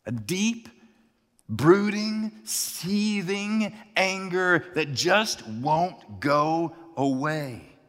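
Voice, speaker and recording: Male pastor, sermon with storytelling, animated, slightly high voice, reverberant hall. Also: extremely slow. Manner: animated, acts out characters in his story.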